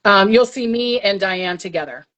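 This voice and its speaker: An older woman tells a story in an easy, chatty way, her voice at an ordinary middle pitch. She jumps into the other people's voices as she goes, bringing the scene to life like a seasoned storyteller. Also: normal speed, rough recording. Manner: animated storyteller, acts out voices she heard. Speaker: psychic medium guest. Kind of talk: casual storytelling on a livestream.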